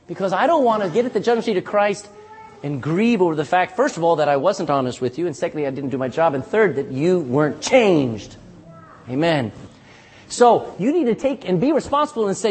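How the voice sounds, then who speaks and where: His voice high-pitched and slightly rough, a pastor delivers an emphatic sermon to his congregation in the church sanctuary. He's animated, playfully names listeners and calls for "Amen?" responses.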